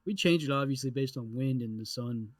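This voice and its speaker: A young adult man co-hosting a podcast, telling a story in a casual, animated way with lots of swearing. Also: mid-range voice, fairly quick, dry recording. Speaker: podcast co-host.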